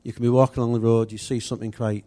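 Guy teaching at church, mellow low-key voice, rambly and chatty, lots of restarts. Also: little pitch movement, very fast. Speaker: church leader.

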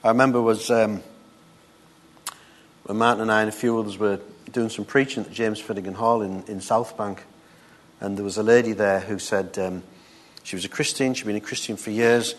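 A man's voice: fairly low pitch, a little fast. A man giving an informal Bible teaching, reading scripture aloud and breaking off into conversational asides. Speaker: preacher.

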